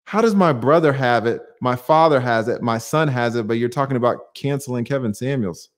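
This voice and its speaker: A man with a medium-pitched voice hosts a livestream, speaking briskly and emphatically to viewers. He answers their comments while firing off rhetorical questions and casually swearing.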